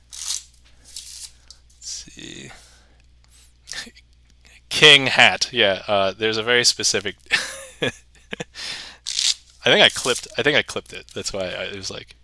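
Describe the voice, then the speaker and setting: A man's voice: fairly low pitch, sharp tone, no room sound. A man hosting a casual livestream magic show, chatting, reading viewer messages aloud and chuckling often.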